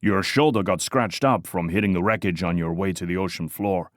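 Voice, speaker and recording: A man doing a brisk, accented young medic. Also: sits low, dry recording, studio quality, lightly acted. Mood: matter-of-fact. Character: lanky young male medic with thick accent.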